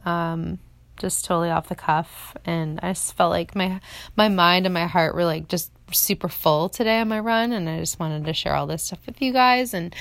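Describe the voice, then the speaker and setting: A woman's voice: lowish voice, dry recording. Woman in her 40s pouring her heart out on a podcast, rambly and teary, dry close phone sound. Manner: emotional, rambling, tearful at times. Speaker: podcast host. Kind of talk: off-the-cuff personal monologue. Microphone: phone held in hand.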